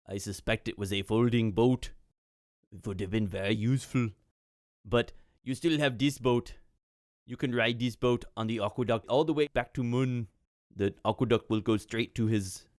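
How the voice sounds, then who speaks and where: A formal male official, voiced by a man running the game speaks in careful, measured sentences. The voice sits low, recorded close and dry. He stays polite and composed throughout. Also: dry recording, lightly acted.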